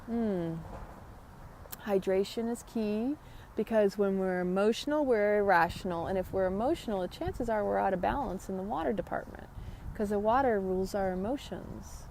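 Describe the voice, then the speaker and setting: A woman chats loosely through a live wellness stream, wandering off on tangents and greeting viewers as they join. Her voice sits at a middle pitch. A faint noise hums under the recording. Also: dark tone. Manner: chatty, rambling, greets viewers by name. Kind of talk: casual live chat about yoga and wellness.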